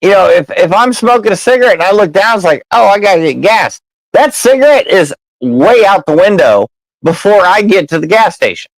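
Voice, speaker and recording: Profane, animated storytelling man. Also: high-pitched, a little fast, no room sound, poor audio. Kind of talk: casual storytelling chat.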